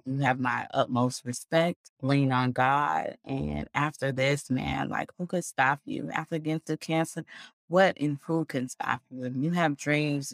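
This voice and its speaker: Casting: woman podcast host, warm-hearted churchy chatter with frequent laughs, dry close sound. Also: extremely low pitch, creaky, dry recording. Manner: affectionate, churchy, laughs often. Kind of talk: casual livestream outro chat.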